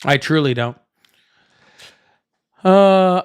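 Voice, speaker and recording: Livestream host, man, slightly high voice, loose rambling delivery to chat. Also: very animated, takes it slowly, pauses often. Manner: rambling, repeats himself, talks straight to chat. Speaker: livestream political debate host.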